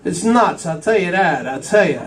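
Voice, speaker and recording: A man's voice: high-pitched, expressive, normal speed. A man in his fifties doing a stand-up routine on a small cafe stage, forever saying "I'll tell you" between jokes. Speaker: stand-up comedian. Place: small cafe stage before a live audience. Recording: voice from far off in a cafe.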